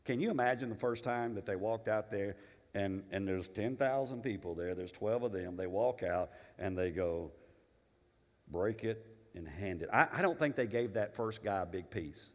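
A male pastor preaching a sermon, animated and emphatic, with humorous asides and storytelling. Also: lowish voice, normal speed, in a large hall.

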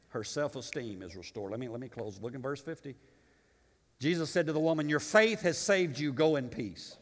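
A man preaching a sermon as pastor, swinging from booming proclamation to quiet conversational asides and often repeating his words. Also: in a large hall.

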